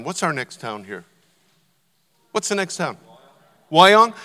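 Older male preacher, booming hall. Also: sing-song, moderate pace, long pauses, bright, forceful tone. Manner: emphatic, conversational preaching to a congregation. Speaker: guest preacher. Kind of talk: sermon. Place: church auditorium. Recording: long church hall reverb.

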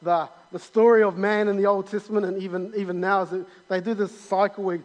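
An eager male preacher delivers a sermon, often repeating himself and restarting his phrases. His voice sits high for a man. The sound rings with the long reverb of a church auditorium. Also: little pitch movement, a little fast.

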